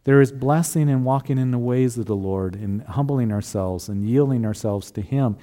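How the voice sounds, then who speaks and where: A man's voice: medium pitch, normal speed, warm tone. A man preaching a sermon as a pastor, earnest and repeating rhetorical questions to the congregation.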